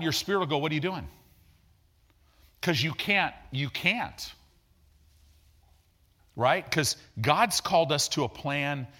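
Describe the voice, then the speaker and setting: A man in his sixties preaching a sermon, animated and emphatic, telling stories in a conversational way. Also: medium pitch.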